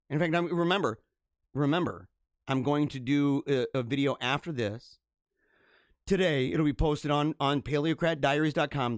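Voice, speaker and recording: A man hosting a live religious stream, talking fervently and preachily, dropping to hushed tones and then rising to loud exhortation. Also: medium pitch, no echo, studio quality. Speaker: host of a live religious show. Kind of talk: impassioned live-stream monologue.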